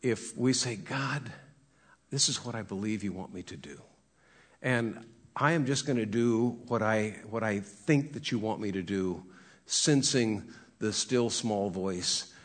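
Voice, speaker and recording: A man's voice: lowish voice, a little slow. A middle-aged man, a horse trainer and cowboy preacher, telling folksy stories about horses and acting out what they think. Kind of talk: folksy storytelling with a sermon message.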